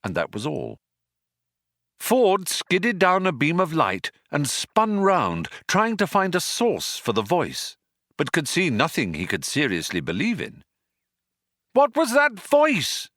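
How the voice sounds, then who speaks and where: A man reads an audiobook in a slow, deliberate way. His pitch leaps up and down as he voices each character. The recording is close and dry. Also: wildly swooping pitch, fairly bright tone, no room sound. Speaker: audiobook narrator. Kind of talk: audiobook reading.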